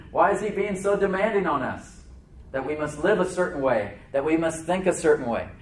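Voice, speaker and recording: A man preaching a sermon as pastor of his church, conversational, with repeated words and restarts, swinging from loud emphatic bursts to low quiet asides. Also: animated, moderate pace, roomy sound.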